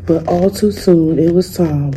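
A young woman, a student, reading a picture book aloud in a calm, measured way. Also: on the low side, background noise. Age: young adult. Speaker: student reader.

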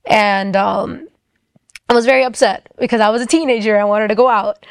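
A woman's voice: mid-range voice, steady tone, moderate pace, smooth, dry recording, studio quality. A young adult woman sharing a personal faith testimony in a casual storytelling way, acting out the dialogue and often saying "like".

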